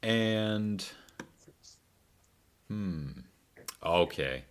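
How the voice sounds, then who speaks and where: A man with a lowish voice hosts a podcast and talks slowly. He teases the others in a joking, easygoing way. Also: expressive, clear, resonant tone. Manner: joking, teasing. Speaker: podcast host. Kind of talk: casual podcast chat.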